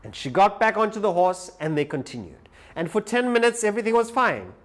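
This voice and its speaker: A man giving a live lecture who tells a story with animated delivery. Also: sits high, a little fast, a little hiss or hum. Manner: animated storyteller, acts out quoted voices. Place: lecture hall.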